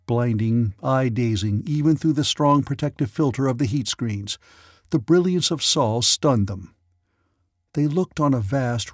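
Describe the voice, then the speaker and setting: A man narrating a science fiction audiobook in a dramatic, measured way. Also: medium pitch, darkish tone, husky, no room sound. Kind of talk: scripted narration.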